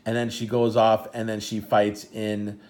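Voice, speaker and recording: A man's voice: fairly low pitch, completely flat delivery, measured pace, a little mellow. A middle-aged man, a father and karate coach, telling a long story in a rambling, emotional way, often restarting his sentences. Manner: rambling, full of restarts, gets choked up. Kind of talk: casual storytelling to camera.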